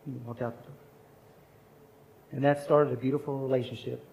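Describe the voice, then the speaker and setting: Gravelly-voiced man telling a story. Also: mid-range voice, level tone, brisk, a little mellow, low-quality recording. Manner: storytelling, acts out quoted voices. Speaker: chapel speaker. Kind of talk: sermon story.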